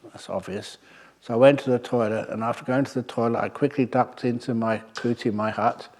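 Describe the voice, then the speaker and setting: A male Buddhist monk leads a meditation retreat with a wry, storytelling talk, in a voice of ordinary middle pitch. He winds through anecdotes at an easy pace and drops in the occasional filler as he goes. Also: steady tone, fairly quick, darkish tone. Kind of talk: humorous storytelling dharma talk.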